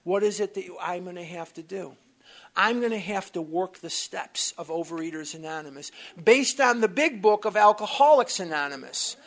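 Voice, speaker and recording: An animated speaker from the United States addresses a recovery workshop crowd in a meeting room. The delivery is blunt and lively, peppered with mild swearing and offhand asides. The voice sits in an ordinary middle pitch. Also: normal speed. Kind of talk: personal storytelling talk to a live group.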